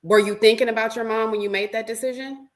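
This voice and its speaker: A woman's voice: a little high, steady tone, fast. A woman hosting a podcast over a video call, often breaking in to agree with her guest. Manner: affirming, frequent agreeing interjections. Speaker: podcast host. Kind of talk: casual interview.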